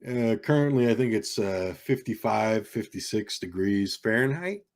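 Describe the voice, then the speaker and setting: A man's voice: on the low side, lively intonation, a little slow, darkish tone. A man hosting a casual livestream from a home desk microphone, rambling with lots of ums and uhs. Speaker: livestream host. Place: home streaming setup in California. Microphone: desk microphone with keyboard behind it.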